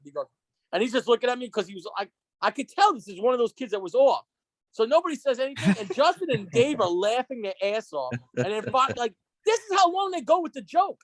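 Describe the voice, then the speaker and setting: Guest on a podcast, lively up-and-down voice, dry close mic, cursing and laughing. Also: male voice, extremely high pitch, fast, no room sound. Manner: animated, profane, laughing storyteller. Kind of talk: casual podcast storytelling.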